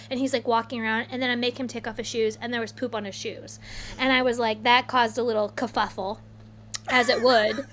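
Animated high-voiced woman telling a story. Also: fairly quick, slight background noise. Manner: animated, rambling, many "like"s. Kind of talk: casual storytelling chat.

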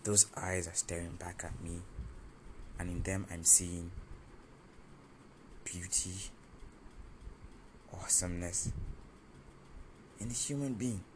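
Low-voiced man telling a story. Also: slow, long pauses, noisy background. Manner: animated, confessional, self-mocking. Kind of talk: first-person storytelling.

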